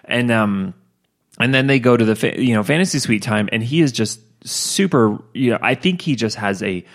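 A man's voice: medium pitch, expressive, moderate pace. A man co-hosting a casual chat, joking and swearing as he acts out quotes while retelling events.

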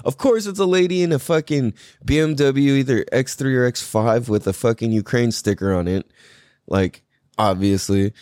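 A man's voice: mid-range voice, normal speed, a little mellow, no room sound, clean studio sound. A man hosting a podcast, telling a story in a casual, profane rant and laughing often. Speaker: podcast host.

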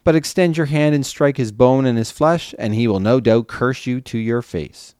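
A man's voice: medium pitch, moderate pace, mellow, clean tone, no echo, studio quality, close to an everyday voice. A man reading the lines of a scheming male spirit, an adversary who challenges God, delivered with some added lift. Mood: challenging.

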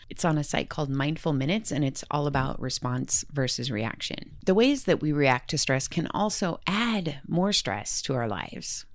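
A woman hosting a podcast, talking earnestly and reflectively about handling stress, growing quicker when she gets worked up. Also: extremely low pitch, no echo, studio quality. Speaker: podcast host. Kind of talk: casual self-help talk.

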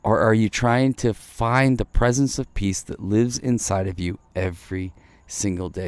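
A man's voice: lowish voice, a little slow, no echo. A man giving a devotional sermon as a pastor, earnest and conversational, full of "like" and asides. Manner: earnest and conversational, peppered with "like", voicing Jesus in asides.

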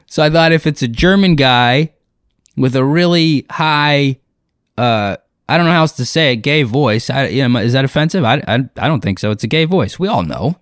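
A man's voice: medium pitch, lively intonation, moderate pace, smooth, no echo, clean studio sound. A man, a comedian and impressionist, telling a rambling, profane, self-deprecating story in a casual way.

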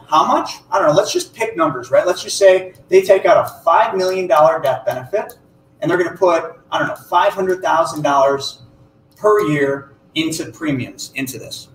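A man with a fairly high voice explains finance to an audience. He is animated and acts out short dialogues as he goes. The room is echoey, with faint noise behind him. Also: moderate pace. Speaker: financial educator.

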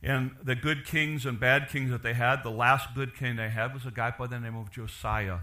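A man's voice: medium pitch, steady tone, normal speed, sharp tone. A man pastor delivering a sermon, explaining scripture in earnest, pleading tones. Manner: earnest, pleading preaching with rising emphasis.

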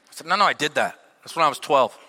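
A middle-aged male pastor preaching a sermon, telling stories with sudden shouted peaks and quieter asides. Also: a little high, quick pace. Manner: animated storytelling with shouted peaks and dropped asides. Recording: long hall reverb.

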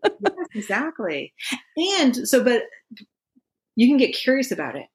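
Casting note: a middle-aged woman, relaxed talk-show guest, laughs a lot and says "you know" a lot. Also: fairly high pitch, unhurried. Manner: laughs often, many fillers like "you know". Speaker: meditation expert guest. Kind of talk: casual conversational explaining.

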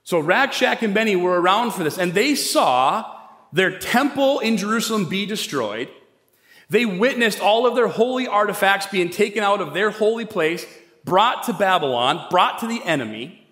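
A man preaching a sermon as pastor, retelling a story in a casual, conversational way with quick asides. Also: high-pitched, lively intonation, fairly bright tone. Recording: echoey hall with long reverb.

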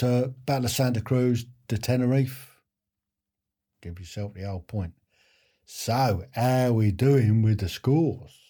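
A man's voice: mid-range voice, warm tone, slightly rough. A man hosting a live online quiz in a chatty, self-deprecating way, often chuckling.

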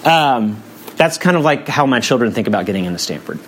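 A man's voice: medium pitch, lively intonation, a little fast, slight background noise. Conversational male preacher. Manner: conversational, hedging with "kind of" and "um". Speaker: pastor. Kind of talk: sermon.

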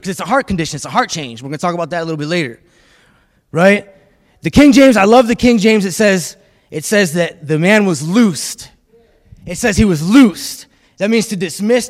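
A high-pitched man preaching a sermon, lively and repetitive, calling for the congregation to answer back. His voice rings through the long reverb of a church sanctuary. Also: brisk. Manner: animated preaching with call-and-response and repetition. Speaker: pastor.

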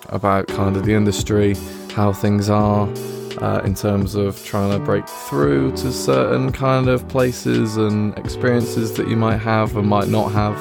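A man's voice: on the low side, flat delivery, normal speed, creaky, over loud music. A man with an English accent hosting a podcast, chatting casually with laid-back enthusiasm and slang. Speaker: podcast host. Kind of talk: casual chat.

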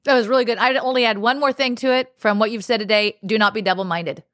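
A woman with a fairly high voice hosts an interview. She speaks firmly and affirmingly, giving a brisk, direct wrap-up. The recording is dry and close. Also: fairly even intonation, fairly bright tone, no echo. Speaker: host. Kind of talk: interview hosting.

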